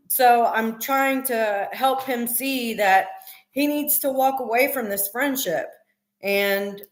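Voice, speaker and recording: A woman's voice: a little high, fairly bright tone. A middle-aged woman hosting a casual live stream, talking earnestly and emphatically with many fillers. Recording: roomy echo.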